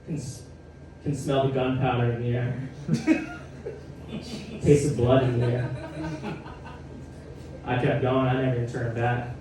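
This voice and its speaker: A male stand-up comic with a medium-pitched, lively voice spins a conversational story full of wry asides, taking his time and leaving long pauses. Recorded from afar in an echoey comedy club, the audio carries a noisy background.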